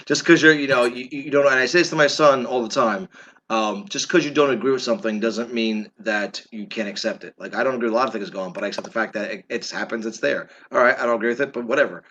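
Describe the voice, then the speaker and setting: A mid-pitched New York man with a bright edge, ranting bluntly and swearing in casual podcast chat. The audio is dull and lo-fi, with a faint hiss. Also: fast. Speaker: podcast co-host.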